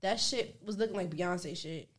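A woman's voice: on the low side, normal speed. A young woman, co-hosting a casual podcast, telling jokey, slangy stories. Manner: joking, expressive, slangy storytelling. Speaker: podcast co-host. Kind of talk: casual chat.

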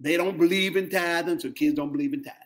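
A man's voice: a little high, steady tone, quick pace, a bit bright. A middle-aged man with an African-American English accent, preaching a sermon as pastor, calling out to the congregation and repeating phrases for emphasis.

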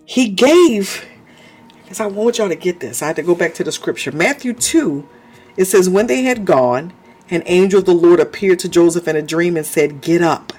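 A man's voice: high-pitched, expressive, moderate pace, darkish tone, soft background music. A man preaching a sermon in a fervent way, often stopping to praise, speak in tongues and laugh.

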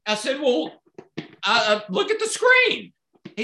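A man hosting a sales event, telling an animated story and acting out the dialogue with jumps in his voice. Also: very high voice, unhurried. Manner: excitable, acts out dialogue in raised voices. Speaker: host presenting products. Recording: echoey room.

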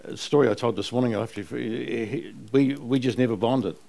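A man's voice: mid-range voice, moderate pace, vocal fry. An older man with a New Zealand accent, an author telling family anecdotes on stage in a rambling way and laughing as he goes. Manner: animated, rambling anecdotes, laughing while he tells them. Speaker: author interviewed about a family memoir. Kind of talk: live on-stage conversation, storytelling.

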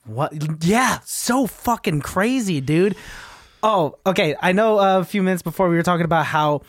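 A man co-hosting a casual podcast chat, relaxed, swearing and laughing often while retelling scenes. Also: sits high, normal speed, no room sound, clean studio sound. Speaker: podcast co-host.

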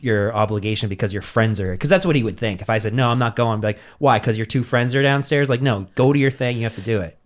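Animated young man telling wild stories. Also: quick pace, few pauses. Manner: animated, acts out quotes with jumps in pitch, heavy swearing. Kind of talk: casual storytelling chat.

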